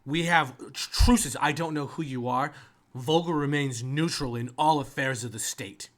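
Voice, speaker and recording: A man's voice: a little high, moderate pace, fairly bright tone, voice pushed up, natural voice. A man voicing a panicked woman mayor of a small town, flustered and stammering.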